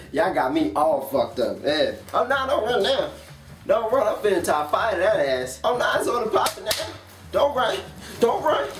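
A man playing a hot-tempered, foul-mouthed daycare teacher who scolds children loudly. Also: high voice, very animated, normal speed, slight background noise. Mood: exasperated. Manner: loud, scolding, swears constantly, swoops up into shouts. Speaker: comedy sketch creator. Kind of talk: comedy sketch acting. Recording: roomy echo, voice from far off the mic.

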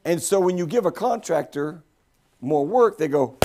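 Playful preacher with a lively high voice. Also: male voice, normal speed, a little hiss or hum. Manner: jokey, playful, talks to the congregation. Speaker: guest preacher. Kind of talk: humorous sermon with audience interaction. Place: church sanctuary.

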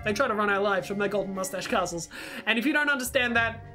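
A woman hosting a let's play, thinking aloud as she plays, excitable and swearing freely. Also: medium pitch, quick pace, faint music behind. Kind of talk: gameplay commentary.

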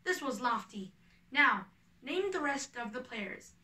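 A woman reading the part of a boastful, eager male weaver who is an amateur actor, with a bright voice, a little high for a woman, in an echoey room away from the mic. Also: lively intonation, a little slow, recorded from a distance, exaggerated voice.

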